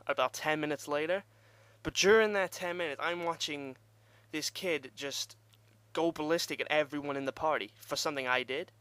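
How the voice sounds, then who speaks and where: A man's voice: fairly high pitch, fairly bright tone, clean tone, dry recording. A young man telling a rambling, profane party story in casual vlog style and laughing at himself. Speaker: vlogger.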